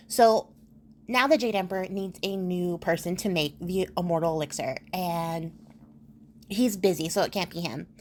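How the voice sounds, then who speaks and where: A woman's voice: medium pitch, slight background noise. A woman craft vlogger retelling a folk tale in a chatty, casual way with laughing asides. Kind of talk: casual storytelling.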